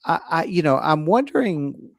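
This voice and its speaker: A man's voice: fairly high pitch, big pitch swings, moderate pace, vocal fry, no echo, clean studio sound. A man hosting a casual discussion, thinking aloud with frequent restarts and acting out scenarios. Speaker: host.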